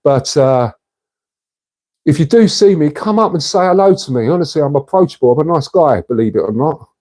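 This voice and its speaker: Chatty man, mellow livestream host. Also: a little high, expressive, a little fast. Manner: chatty, matey, reads and answers comments. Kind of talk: casual livestream chat with viewers.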